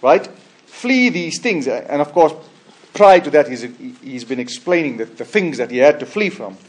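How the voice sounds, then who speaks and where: A man preaching a sermon as a pastor, emphatic, with sudden loud high bursts, quiet trailing endings and frequent restarts. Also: lively intonation, moderate pace. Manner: frequent restarts and repeated words. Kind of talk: expository sermon.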